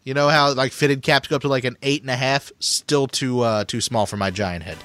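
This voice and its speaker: A man's voice: mid-range voice, brisk, a bit bright, faint music behind. A man co-hosting a casual hockey podcast, upbeat and chatty with lots of fillers. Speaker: podcast co-host.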